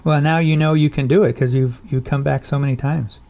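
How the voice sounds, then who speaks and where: A man's voice: fairly high pitch, steady tone, brisk, creaky, dark tone. A man interviewing a guest, asking questions with hesitant fillers. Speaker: podcast interviewer.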